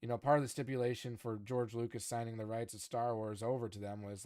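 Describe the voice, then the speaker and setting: A man co-hosting a fan podcast in casual chat, getting animated and frustrated, restarting his sentences often. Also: mid-range voice, fast, hardly any pauses, no room sound, clean studio sound. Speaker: podcast co-host.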